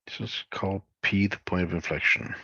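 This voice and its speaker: A low, gravelly male voice with a husky edge and a bright, forceful tone, talking himself through math homework solutions in halting, muttered steps. The sound is close and dry, on a dull lo-fi screencast mic. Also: no room sound. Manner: thinking aloud, halting and muttered. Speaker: math instructor.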